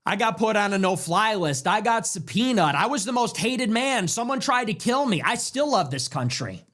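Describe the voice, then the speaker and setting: A man's voice: high-pitched, big pitch swings, normal speed, fairly bright tone. A man hosting a show, delivering a heated political monologue in an impassioned, declamatory way, hammering home repeated rhetorical questions. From United States. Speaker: show host.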